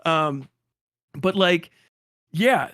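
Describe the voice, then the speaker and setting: Blunt, profane high-voiced man. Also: lively intonation, drawn-out words, a bit bright, dry recording, clean studio sound. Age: 30s. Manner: blunt and profane, mimics commenters in mocking voices. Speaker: streamer hosting a fundraiser. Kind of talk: casual chat.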